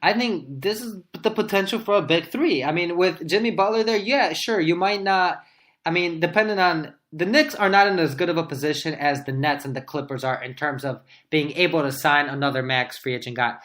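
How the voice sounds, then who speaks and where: A man co-hosting a sports podcast, thinking aloud in casual debate as he pitches hypothetical trades. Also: brisk, fairly bright tone. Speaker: podcast co-host.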